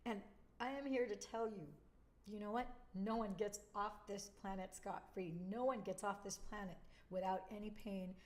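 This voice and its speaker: A woman's voice: medium pitch, moderate pace. Chatty, emotional woman talking to camera. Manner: emotional, chatty, blunt and animated. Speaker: spiritual video host. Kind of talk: casual spiritual talk to camera.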